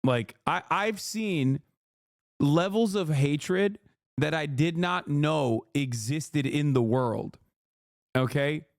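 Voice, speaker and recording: A man's voice: fairly high pitch, takes it slowly, creaky, dry recording, studio quality. A man in his thirties streaming a reaction, ranting heatedly with profanity and sarcastic mimicry. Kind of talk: livestream reaction commentary.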